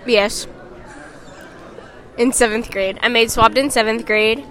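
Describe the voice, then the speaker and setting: A woman's voice: fairly high pitch, steady tone, takes it slowly, a bit bright, some chatter behind. A woman chatting with friends, rambling and stalling with lots of ums. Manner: rambling with many filler ums. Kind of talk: casual chat among friends.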